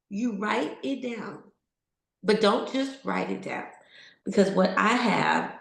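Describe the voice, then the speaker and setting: Speaking to a live crowd in an echoey room, a woman with a mid-range voice delivers a chatty motivational talk. She keeps encouraging her listeners and poses question after question.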